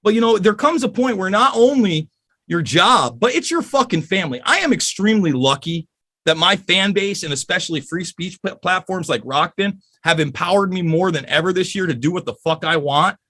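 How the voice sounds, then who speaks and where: A man's voice: high-pitched, expressive, fairly quick, bright, forceful tone. A man as a podcast guest, ranting angrily and profanely in an emphatic, heated way.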